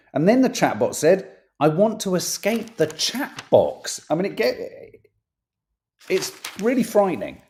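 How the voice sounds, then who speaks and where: A man's voice: high-pitched, huge pitch swings, takes it slowly, a little mellow. A man hosting a casual podcast, reading tabloid stories aloud with playful emphasis and jokey asides, swearing now and then.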